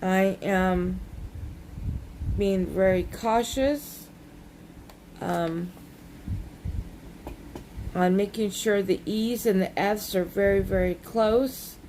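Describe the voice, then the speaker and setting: A woman talks slowly and chats casually as she works on a craft project. Her voice is mellow and fairly high, and she rambles in a folksy, joke-telling way. A faint hum sits behind her. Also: steady tone, rough recording. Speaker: crafting vlogger. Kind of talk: casual chat while crafting.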